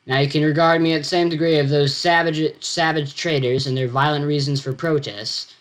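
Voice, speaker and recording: A man's voice: a little high, fairly even intonation, a little fast, fairly bright tone, close to an everyday voice. Teen boy doing a curt English outcast. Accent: English, put on.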